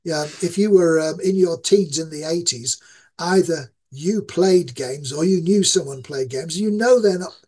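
A man's voice: on the high side, measured pace, warm tone. A man in his sixties with an East Yorkshire accent, talking at length as an interview guest, rambling with many fillers. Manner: rambling, self-described ranting with many fillers. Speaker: guest game designer. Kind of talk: casual interview talk.

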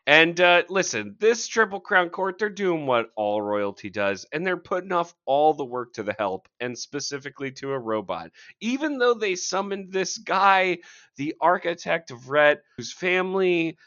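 A man recapping comics on a podcast with a bright, lively voice that jumps up and down in pitch. He swears freely and throws in joking asides. The recording sounds dull and lo-fi. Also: moderate pace. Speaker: podcast co-host. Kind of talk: casual comic-review chat.

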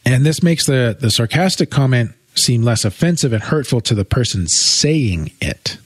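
A man's voice: medium pitch, lively intonation, moderate pace, husky, dry recording. A man co-hosting a podcast, explaining earnestly in casual chat with wry jokes. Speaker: podcast co-host.

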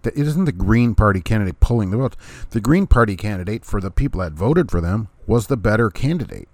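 A man's voice: on the low side, animated, fairly quick, a little mellow, no room sound. A middle-aged man talking through his opinions in a casual monologue, asking rhetorical questions, chuckling, and acting out what others say. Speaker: vlogger, former third-party candidate.

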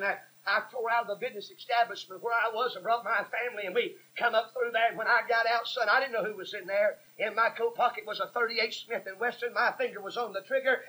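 Bright, husky preacher man. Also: rough recording. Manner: folksy, emphatic, drops to a low hush at points. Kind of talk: sermon storytelling.

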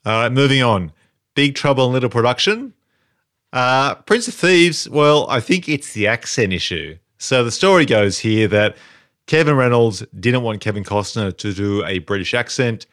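A man's voice: medium pitch, lively intonation, normal speed, a bit bright, no echo, studio quality. A man hosting a casual podcast chat, leading segments and reading out trivia. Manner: leads segments, reads trivia aloud. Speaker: podcast host.

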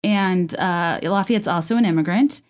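A video creator chats casually at home about a musical in her fairly low voice, moving at a moderate pace. She sounds enthusiastic and talkative, her commentary full of fillers and restarts.

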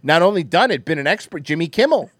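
A man's voice: on the high side, sing-song, fast, fairly bright tone, husky, no echo, studio quality. A man hosting a casual comedy podcast, laughing a lot and slipping into mocking voices.

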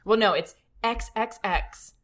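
A woman's voice: fairly high pitch, unhurried, fairly bright tone. A young woman co-hosting a casual chat with wry, teasing replies.

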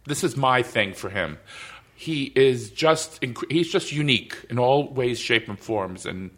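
A man's voice: medium pitch, lively intonation, measured pace, fairly bright tone. A man hosting a podcast interview, talking in an effusive, emotional way and often repeating himself. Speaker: podcast host. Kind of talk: casual interview chat.

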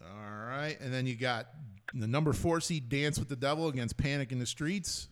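Male podcast host, smooth clear voice, chatty and easygoing, studio. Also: mid-range voice, moderate pace. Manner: chatty, leads the bracket picks. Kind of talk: casual podcast chat.

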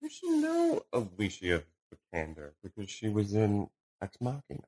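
A young man co-hosting a podcast, talking casually and rambling with lots of ums and quick asides. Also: lowish voice, wildly swooping pitch, a little mellow, breathy edge. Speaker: podcast co-host. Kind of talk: casual chat. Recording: poor home audio.

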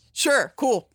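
A young woman casually recapping a movie she loves, talking in an animated, slangy way with lots of laughs and fillers. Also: high-pitched, dry recording, studio quality. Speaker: movie fan recapping a film. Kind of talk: casual storytelling chat.

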